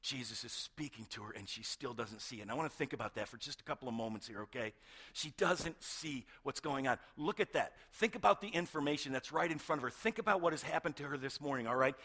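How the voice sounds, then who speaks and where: A middle-aged male pastor preaching a sermon, retelling a story with hushed moments and emphatic build-ups. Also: fairly high pitch. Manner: animated storytelling, swings between hushed and emphatic.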